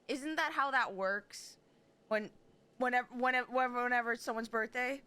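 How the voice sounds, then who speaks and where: A young woman streamer chatting with her live chat in an excitable, dramatic way, rambling and restarting as she goes. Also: a little high, moderate pace, smooth. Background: faint game music.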